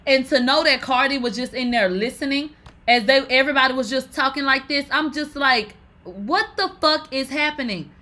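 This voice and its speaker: A woman gives casual pop-culture commentary on celebrity fan drama, animated and profane with dramatic exclamations. Her voice is high, bright and forceful, at a normal speed.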